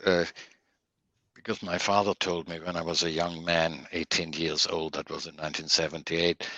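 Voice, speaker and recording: A man's voice: sits low, level tone, moderate pace, sharp tone, no echo. A Swiss man in his sixties with a Swiss German accent, answering interview questions hesitantly with frequent fillers. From Switzerland. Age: 60s. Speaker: guest.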